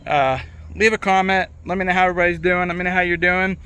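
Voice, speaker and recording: A man's voice: high voice, flat delivery, quick pace, sharp tone, clean tone. A middle-aged man with a faint lisp from his dentures, talking casually and rambling to camera, swearing freely. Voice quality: slight lisp from loose dentures. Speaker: vlogger.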